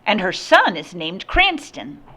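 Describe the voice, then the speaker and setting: A woman voicing a blunt, gloomy male hotel clerk in a storybook reading, answering in short, flat replies. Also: medium pitch, measured pace, heavily acted. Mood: deadpan.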